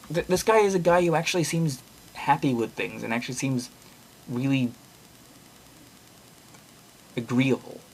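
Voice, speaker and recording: A young man reading horror blog posts aloud at a medium pitch, breaking off into rambling, opinionated asides. His talk is loose and casual, with the odd swear thrown in. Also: husky. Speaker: reader and commentator of online horror blogs.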